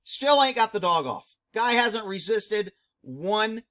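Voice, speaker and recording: A man's voice: high voice, sing-song, slow pace, sharp tone. A middle-aged man, a former police dog handler, giving blunt, indignant commentary on a video.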